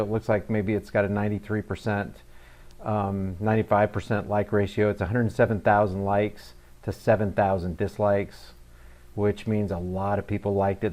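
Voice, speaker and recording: A reaction video host with a lowish, slightly mellow voice delivers sarcastic political commentary. He is mocking and emphatic, tossing in scornful asides.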